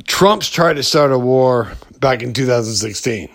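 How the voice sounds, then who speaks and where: A man hosting a podcast in a rambling, profane monologue, full of halting restarts and fillers. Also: mid-range voice, lively intonation, a bit bright. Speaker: podcast host. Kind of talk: casual ranting monologue.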